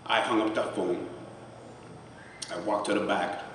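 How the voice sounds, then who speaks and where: Low-voiced man in an echoey hall. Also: steady tone, unhurried, fairly bright tone. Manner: heartfelt and conversational, choking up at times. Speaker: guest speaker at a charity celebration. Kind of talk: emotional personal testimony speech. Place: large event hall. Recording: echoey hall, distant mic, background noise.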